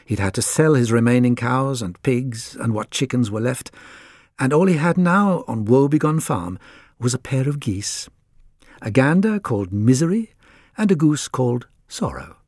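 A man reading a children's storybook aloud in an expressive, lively storytelling manner. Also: medium pitch, normal speed, slightly rough, no room sound, clean studio sound. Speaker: audiobook narrator.

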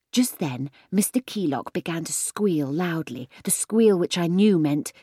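A woman reading a children's story in the first person, expressive and often hushing to a whisper, close to a studio mic. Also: lowish voice, measured pace, few pauses, breathy edge, no echo. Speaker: audiobook narrator.

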